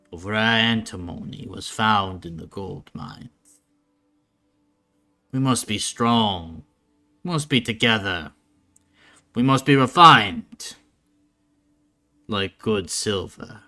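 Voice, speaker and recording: A man voicing a gruff, stern noble father who demands discipline from his daughter. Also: fairly low pitch, pushed and bright, full character voice. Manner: commanding, demanding.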